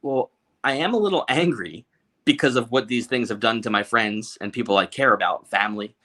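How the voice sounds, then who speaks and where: A man's voice: medium pitch, fairly quick, pushed and bright. A man as a podcast guest, talking candidly in casual conversation, joking and restarting his sentences often.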